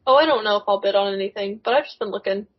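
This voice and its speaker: A young adult woman co-hosting a podcast over a remote call, chatting casually in an excitable, rambling way that often tips into giggles. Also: mid-range voice, racing, dull audio. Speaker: podcast co-host. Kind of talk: casual chat. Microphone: remote call microphone.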